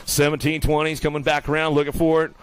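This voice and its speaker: A man calling live BMX races in rapid play-by-play, throwing out nicknames for riders and teasing them as they finish. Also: a little high, completely flat delivery, smooth. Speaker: race announcer. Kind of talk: live BMX race commentary. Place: outdoor BMX race track.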